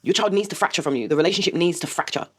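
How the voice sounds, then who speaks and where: A woman's voice: lowish voice, racing, fairly bright tone, husky. A woman, hosting a casual vlog and telling blunt, sweary stories about parenting. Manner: blunt storytelling with frequent swearing. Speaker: vlogger host.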